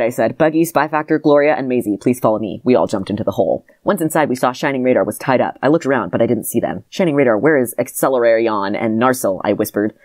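A woman co-hosting a comedy podcast, reading her old childhood story aloud in a dry deadpan and breaking into laughter. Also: extremely low pitch, no echo.

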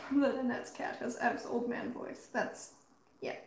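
A woman's voice: a little high, steady tone, measured pace, a little hiss or hum. A woman hosting a painting livestream, chatting casually and playfully with viewers. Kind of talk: casual chat while painting. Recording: roomy echo.

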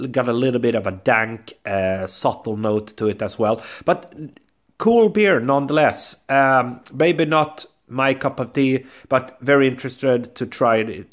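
A man hosting a casual beer review vlog, chatty and talking to viewers as guys, often saying "I would say". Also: mid-range voice. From Sweden. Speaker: beer reviewer, channel host.

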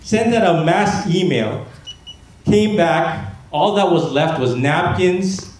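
A man telling deadpan stand-up stories on a gala stage, his slightly high voice ringing through a very echoey hall. Crowd noise sits clearly behind him. He often slips into mimicked voices of his family. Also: takes it slowly. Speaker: stand-up comedy student. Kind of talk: stand-up comedy set. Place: gala stage before a laughing audience.

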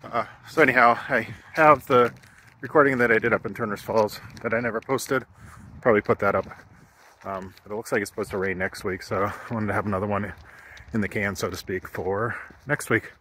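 A man's voice: lowish voice, steady tone, a little fast, bright, forceful tone. An older man vlogging a hike, short of breath and thinking aloud with lots of fillers, recorded outdoors on a camera. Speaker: hiking vlogger. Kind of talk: casual vlog narration. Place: outdoors on a wooded trail by a stream. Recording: noisy outdoor camera audio. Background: running water and nature ambience.

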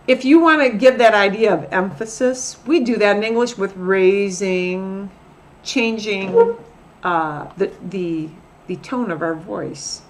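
A woman's voice: a little high, big pitch swings, measured pace. A woman teaching a recorded grammar lesson as a Spanish teacher, patiently repeating example phrases.

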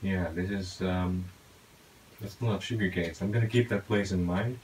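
A man with a very deep voice talks his way through a game, muttering to himself and breaking into sudden excited outbursts. A faint hiss sits under the recording. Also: normal speed, low-quality recording. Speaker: gaming YouTuber. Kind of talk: casual gameplay commentary.

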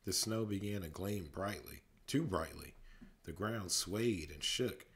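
In a deep, low voice and at a measured pace, a dad reads his child a storybook at bedtime. He narrates steadily, switching into character voices here and there.

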